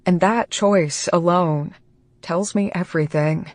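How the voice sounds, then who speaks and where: Slow, emotional woman audiobook narrator. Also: fairly low pitch, a little mellow, no room sound. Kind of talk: first-person romance audiobook narration.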